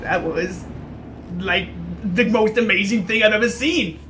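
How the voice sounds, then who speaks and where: A man's voice: high voice, unhurried, background noise. Breathless, gushing young man reacting. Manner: gushing, exclamatory, swears freely, stammering restarts. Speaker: show reaction youtuber. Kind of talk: excited reaction commentary. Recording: roomy room, faint music behind.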